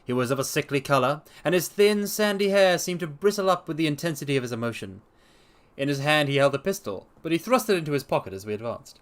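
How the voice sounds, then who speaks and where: A streamer narrates a classic detective story aloud, theatrical and expressive, the voice rising and falling with every phrase. Between passages come relaxed asides to the audience. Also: mid-range voice, fast talker.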